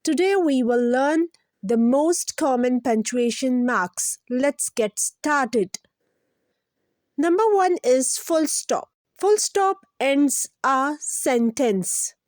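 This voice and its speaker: A woman hosting a children's lesson, explaining each point slowly and simply, repeating it and asking the kids to guess. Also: high-pitched, dry recording, studio quality. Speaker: children's teacher, channel host.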